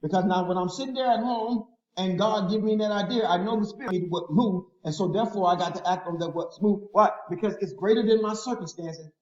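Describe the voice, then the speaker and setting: A man's voice: sits high, fast talker, few pauses, a little mellow. A man preaching a sermon in a call-and-response style, informal and emphatic, often asking the listeners to finish his sentences. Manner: asks the congregation to fill in words. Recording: echoey, dull lo-fi room sound.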